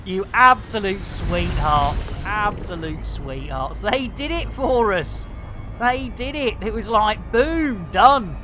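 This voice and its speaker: A woman streaming a space game, chatting excitedly to her guests, often laughing and exclaiming at her own mistakes. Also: mid-range voice, slow pace. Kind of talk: live gameplay commentary.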